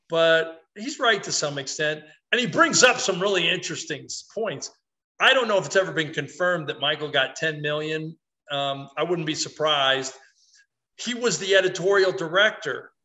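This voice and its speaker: A man who is a sports columnist co-hosting a podcast, giving animated, opinionated and self-mocking takes. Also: fairly high pitch, normal speed. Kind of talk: casual sports talk.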